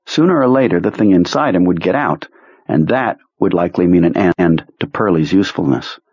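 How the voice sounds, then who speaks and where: A man reading a novel aloud as an audiobook narrator, in a measured, dramatic way. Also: low voice, animated, darkish tone, breathy edge, no echo. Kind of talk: scripted narration. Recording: muffled lo-fi recording.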